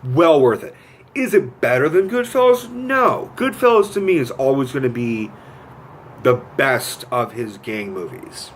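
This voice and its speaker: A man in the middle of a casual film rant, his voice at an ordinary pitch. He swears a lot and acts out scenes as he retells them, getting more animated as he goes. A faint hiss of noise sits under his voice. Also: unhurried. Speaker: movie reviewer.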